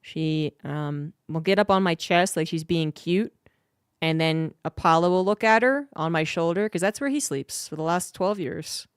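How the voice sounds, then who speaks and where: Smooth-voiced woman telling a rambling story. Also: fairly low pitch, normal speed, no room sound, clean studio sound. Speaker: streamer. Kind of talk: casual livestream chat.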